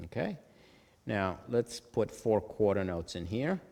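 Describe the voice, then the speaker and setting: A man's voice: lowish voice, sing-song, a little slow, vocal fry, a little mellow, long reverb tail. A man teaching music theory at a board, explaining step by step, often checking "okay?" and chanting rhythms on "ta". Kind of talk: whiteboard lesson.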